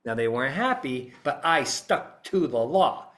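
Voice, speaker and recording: A man's voice: mid-range voice, big pitch swings, a little slow, fairly bright tone. A middle-aged man, a trial consultant, telling a story in podcast talk and acting out how he would address jurors. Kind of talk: podcast talk acting out a voir dire example.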